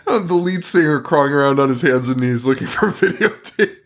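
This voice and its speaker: Male co-host with a bouncy, expressive voice, profane and giggly. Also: a little high. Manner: animated, laughing, swearing. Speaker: podcast co-host. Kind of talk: casual chat.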